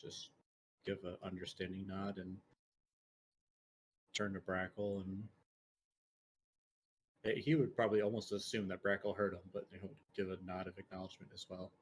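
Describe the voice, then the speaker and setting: A man playing a tabletop game, describing his character's actions in a wry, deadpan way. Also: low-pitched, normal speed, long pauses, slight background noise. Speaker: player. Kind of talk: tabletop game role-play.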